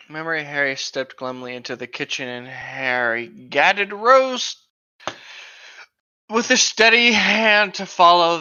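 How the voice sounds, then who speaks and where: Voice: mid-range voice, sharp tone, clean tone, dull audio. A tipsy podcast co-host reading fanfiction aloud with crude, rambling asides. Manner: crude, rambling, lots of filler. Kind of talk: comedic fanfic reading with banter.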